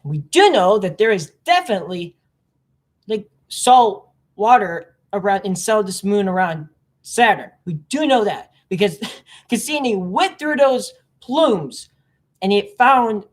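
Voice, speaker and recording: A woman giving a casual, rambling reaction commentary as a space fan. She is sarcastic, leaps into high disbelieving tones, and trails off into quiet mumbled fillers. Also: lively intonation, unhurried. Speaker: space enthusiast reacting to a film.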